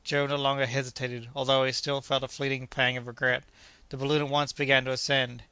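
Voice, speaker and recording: A man narrating an adventure audiobook in a measured, steady reading. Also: medium pitch, smooth, no echo.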